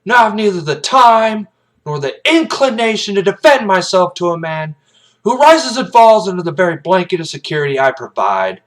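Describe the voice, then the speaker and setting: A man's voice: sits high, voice pushed up. Man acting as a scornful old Marine colonel. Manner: commanding, lecturing, building to shouts. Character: hardened older male Marine colonel, proud and scornful.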